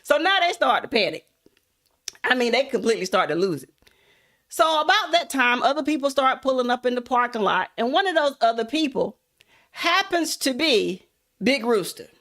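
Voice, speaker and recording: With a high voice, big pitch swings, and a fairly bright tone at normal speed, a woman delivers a motivational talk. The content creator keeps it folksy and casual, telling a story straight to listeners she calls y'all.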